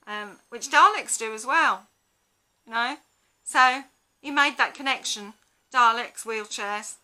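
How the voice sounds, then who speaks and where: A woman's voice: fairly high pitch, bright, forceful tone. A woman vlogging with casual storytelling, blunt and sarcastic, swearing freely.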